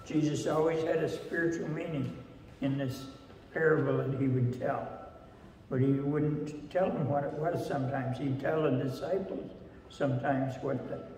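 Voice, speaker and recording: A man preaching a folksy sermon at a rehab center, telling a joke story in a slow, plain-spoken way. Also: on the high side, steady tone, darkish tone, a little hiss or hum. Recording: echoey hall from far off.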